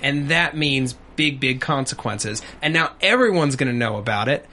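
A man's voice: mid-range voice, expressive, normal speed, bright, forceful tone. A man hosting a casual TV after-show chat, playful and speculative. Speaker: host.

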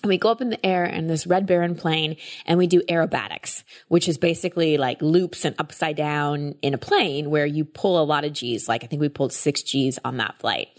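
Woman, podcast host, low voice, enthusiastic, casual storytelling. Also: a little fast, hardly any pauses.

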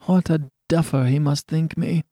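A man performs an embarrassed young gentleman who grumbles and sulks at his own foolishness. The voice sits a little above the reader's own and carries a rueful droop. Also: fairly high pitch, steady tone, normal speed, no room sound, studio quality, pitched above the performer's own voice, lightly acted. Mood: sulky. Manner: sulky, rueful.

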